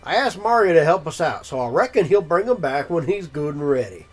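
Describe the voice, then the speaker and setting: A game streamer voicing a calm, folksy old mole father with a drawling country way of talking. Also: mid-range voice, fairly quick, soft background music.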